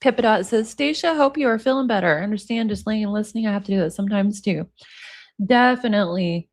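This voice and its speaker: A woman's voice: mid-range voice, fast talker. An American woman chatting casually on a livestream, reading viewer comments aloud and rambling on between them. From United States. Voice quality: says y'all, self-described hillbilly.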